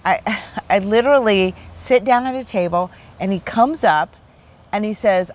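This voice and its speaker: A woman in her fifties, a therapist hosting, telling a personal story in a relaxed, animated chat. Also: mid-range voice, unhurried. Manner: chatty, animated storyteller with many "like"s. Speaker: therapist and host.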